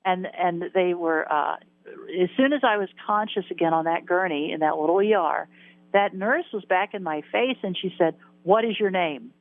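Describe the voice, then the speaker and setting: Her voice is on the low side and at normal speed, with no room sound, though it comes through a tinny phone connection. This woman in her sixties, an interview guest, shares a personal story in an earnest, vivid way, repeating phrases to stress them.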